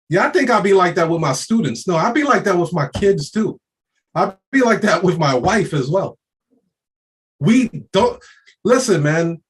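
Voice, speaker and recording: Brash, profane man, somewhat high voice. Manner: profane, loud and emphatic, with frequent laughs; streetwise slang. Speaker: motivational speaker. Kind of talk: unscripted motivational rant.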